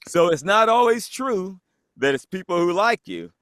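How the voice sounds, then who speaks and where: A man's voice: high voice, big pitch swings, moderate pace, a bit bright, no echo, clean studio sound. A man guest on a podcast, telling a story in casual chat and acting out the voices of the people in it, laughing often.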